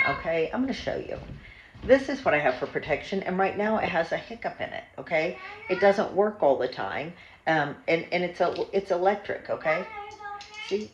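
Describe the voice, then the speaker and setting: A woman's voice: on the low side, highs cut off. A woman in her sixties chatting in a rambling, casual vlog at home. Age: 60s. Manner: rambling, chatty storytelling with fillers. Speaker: family vlogger. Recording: echoey room, faint noise.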